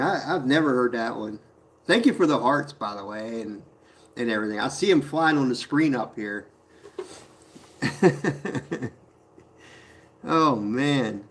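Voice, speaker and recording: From his pottery studio, a medium-pitched man chats casually on a live stream, laughing often as he reads out viewer comments and addresses people by name.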